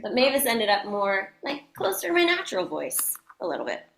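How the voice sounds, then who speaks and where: A woman voice actor chatting as a guest in an interview, bubbly and quick to laugh. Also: medium pitch, sing-song, vocal fry, a bit bright, echoey room. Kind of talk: casual interview chat.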